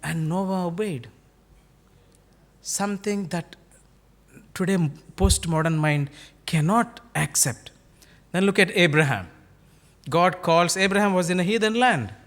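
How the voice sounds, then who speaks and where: A male pastor with an Indian English accent delivers a sermon, his voice sitting a touch high for a man. He tells stories by acting out the dialogue and keeps turning to the congregation with rhetorical questions. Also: unhurried, pauses often, a bit bright.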